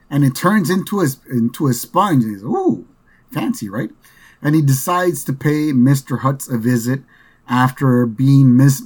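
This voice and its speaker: Husky-voiced man recapping a cartoon episode. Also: mid-range voice. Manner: rambling, with many fillers and "right?" asides. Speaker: podcast host.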